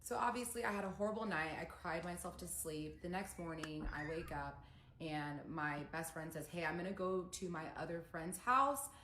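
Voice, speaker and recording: A woman tells a personal story earnestly, reading text messages aloud, her voice pitched somewhat low. The clip sounds echoey, with a faint hum of background noise. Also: moderate pace, bright, forceful tone.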